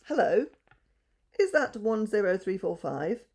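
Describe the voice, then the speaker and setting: A woman's voice: mid-range voice, big pitch swings, unhurried, darkish tone, breathy edge, voice pushed up, full character voice. A woman voicing a friendly stranger telephoning to report a found bird.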